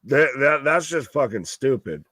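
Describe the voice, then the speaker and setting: A man's voice: mid-range voice, sing-song, a little slow, sharp tone, no room sound, studio quality. Exasperated man swearing through live wrestling commentary. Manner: exasperated, swears heavily, trails off mid-sentence. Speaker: co-host of a live wrestling watch-along. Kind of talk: profane live commentary chat.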